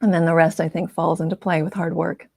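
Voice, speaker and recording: Woman artist guest, chatty and animated, laughs a lot, dry close sound. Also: on the low side, fairly quick, vocal fry, no room sound. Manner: animated, laughs often, lots of fillers. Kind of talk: casual conversational chat.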